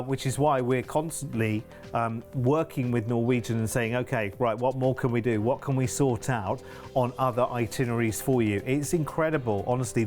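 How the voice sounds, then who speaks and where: A British man hosting a travel deals show, talking in a chatty, emphatic and upbeat way. His voice sits at an ordinary middle pitch for a man. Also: a little mellow. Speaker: TV shopping channel presenter. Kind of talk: enthusiastic sales chat.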